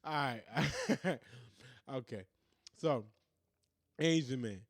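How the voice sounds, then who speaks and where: A man's voice: mid-range voice, expressive, extremely slow, dry recording, studio quality. A man hosting a podcast in a casual, profane monologue who keeps breaking into laughter. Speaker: podcast host.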